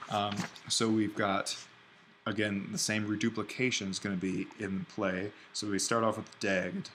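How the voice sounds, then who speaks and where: A man's voice: lowish voice, level tone, a bit bright, slight background noise. Man explaining Greek grammar step by step. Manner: explains step by step, thinking aloud; slows down to spell out Greek forms. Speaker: Greek teacher. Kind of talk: recorded online lesson.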